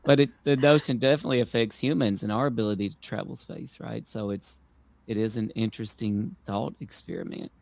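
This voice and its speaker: A man's voice: fairly low pitch, steady tone, fairly quick, vocal fry, darkish tone, no room sound. A man hosting a podcast in a casual, musing, easygoing way. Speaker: podcast host. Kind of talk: casual chat.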